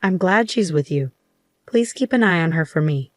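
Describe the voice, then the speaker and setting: A woman's voice: fairly low pitch, lively intonation, normal speed, dry recording, clean studio sound, natural voice. A woman voicing a friendly sister in a narrated story. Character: friendly older sister on the phone.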